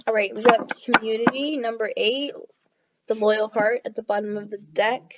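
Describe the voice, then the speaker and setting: A woman's voice: a little high, fairly even intonation, normal speed, very noisy. A woman doing a casual tarot reading to camera, reading card texts aloud and chatting with many fillers. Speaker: tarot reader. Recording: dull lo-fi audio.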